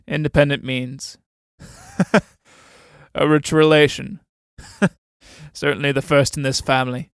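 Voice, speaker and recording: A sour middle-aged army captain sneers and grumbles in a smooth voice, read by a man. The delivery is dry and mocking, as in a stage-play reading, recorded close with no room echo. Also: medium pitch, fairly even intonation, drawn-out words, long pauses.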